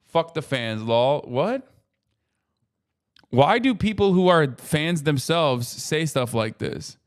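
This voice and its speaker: A man in his thirties talking through a video on his stream, loose and profane, full of tangents and jokes. His voice is clean and smooth, sitting a little above the usual male range. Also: a little high, big pitch swings, takes it slowly. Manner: profane, rambling, joking asides. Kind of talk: casual reaction commentary.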